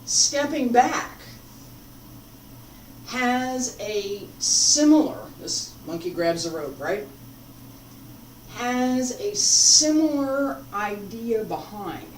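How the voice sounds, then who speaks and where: A woman teaching a martial arts form, talking slowly and stopping to demonstrate moves. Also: fairly high pitch, expressive, slight background noise. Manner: unhurried, breaks off mid-demonstration. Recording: echoey room, mic far off.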